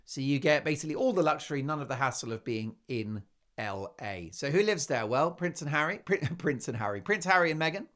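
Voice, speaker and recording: British male talk host, sarcastic and emphatic, higher voice with lively swings in pitch. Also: brisk. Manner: sarcastic, emphatic, swings between loud and quiet. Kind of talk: opinionated monologue.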